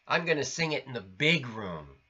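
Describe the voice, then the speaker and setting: A man's voice: mid-range voice, very animated, normal speed, bright, forceful tone, husky, exaggerated voice. A man voicing a showy, competitive young male animal brother in a storybook reading. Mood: boastful. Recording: lo-fi recording.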